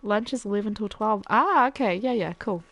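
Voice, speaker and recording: A woman's voice: medium pitch, a little fast, a bit bright, no echo, poor audio. A woman from New Zealand, a parent, chatting casually with viewers while she streams gameplay. She laughs often and trails off mid-sentence. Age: adult parent.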